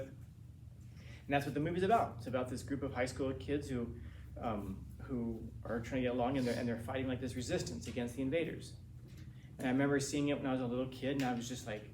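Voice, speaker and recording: A man's voice: medium pitch, a little fast. Rambling male teacher in an echoey classroom. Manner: rambling, animated storytelling with frequent restarts. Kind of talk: informal classroom lecture. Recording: roomy classroom from a distance, faint hiss.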